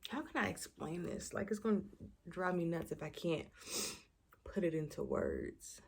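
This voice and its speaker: A woman's voice: fairly low pitch, lively intonation, normal speed, gravelly, breathy edge. A young woman chatting casually to her camera before bed, reflective and emotional, often searching for words. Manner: reflective, searching for words, many fillers and restarts; emotional, near tears at times. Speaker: vlogger. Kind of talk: casual late-night vlog chat. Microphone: camera mic.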